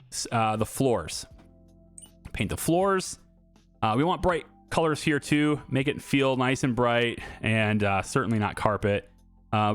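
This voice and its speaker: A man giving casual gameplay commentary, thinking aloud with fillers and restarts as he builds. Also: fairly low pitch. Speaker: gaming YouTuber.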